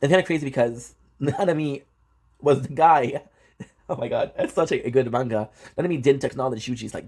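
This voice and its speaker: A man giving casual, excitable reaction commentary on a manga, swearing often and full of fillers and restarts. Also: medium pitch, fairly quick. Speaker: manga reviewer.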